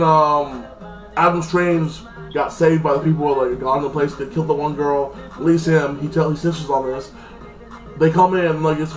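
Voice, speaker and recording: A man casually recapping a TV episode, rambling with lots of fillers and acting out lines in quotes. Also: a little high. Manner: rambling, filler-heavy, retells scenes in quotes. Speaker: TV episode reviewer. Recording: echoey room, mic at a distance.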